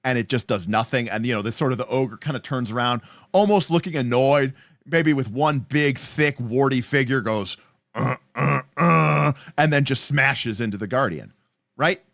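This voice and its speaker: A man hosting a livestream, casually answering viewer questions with animated game-master advice. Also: mid-range voice, normal speed, dry recording. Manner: animated, explanatory, answering chat comments.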